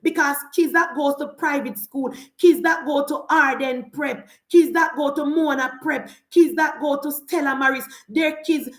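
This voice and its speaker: Jamaican woman vlogger, high and insistent, hammering her point in patois-tinged talk, roomy echo. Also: fairly even intonation, unhurried, few pauses. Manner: emphatic, repeats rhetorical refrains. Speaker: political commentator. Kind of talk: casual political rant.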